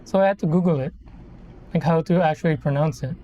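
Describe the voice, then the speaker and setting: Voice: medium pitch, quick pace, dark tone, highs cut off. A person in their thirties from the Philippines, chatting casually on a live stream in a rambling, self-correcting way. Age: 30s. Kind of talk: casual live-stream chat while building a model kit.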